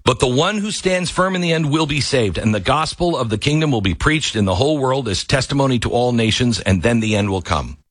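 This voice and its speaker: A middle-aged man hosting a radio talk show, quoting scripture and building into fiery, near-shouted outbursts. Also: medium pitch, lively intonation, a little fast, hardly any pauses, no room sound, studio quality. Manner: fiery, rising to near-shouting, then apologetic. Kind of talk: impassioned radio monologue with live ad reads. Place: radio studio. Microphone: close studio microphone.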